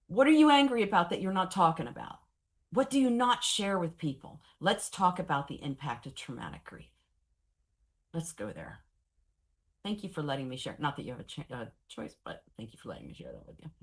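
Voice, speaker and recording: A woman in her forties giving a professional training lecture on trauma and grief, candid and animated, with wry humor. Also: low voice, a little fast. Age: 40s.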